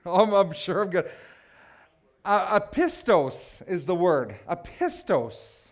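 A man preaching a sermon, building to passionate shouts and breaking off for joking asides. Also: sits high, sing-song, slow. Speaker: pastor.

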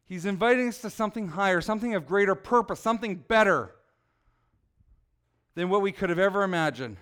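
A man's voice: sits high, expressive, fairly quick, fairly bright tone. A middle-aged man giving a casual sermon, talking conversationally, asking his listeners questions and acting out people's reactions. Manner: conversational, asks the audience questions, acts out people. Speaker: preacher.

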